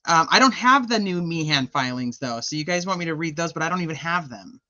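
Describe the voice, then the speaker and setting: A woman's voice: sits low, lively intonation, fast, pushed and bright, dry recording, lo-fi sound. A middle-aged woman hosting a casual live stream, swearing freely, laughing often and sounding a bit scattered.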